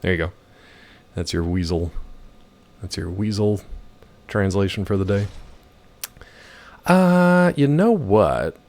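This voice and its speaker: An American man with a hoarse, gravelly voice from a week of yelling, chatting casually while streaming a game and reading chat. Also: lowish voice, expressive, slow, long pauses. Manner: rambling, jokey, reads chat aloud.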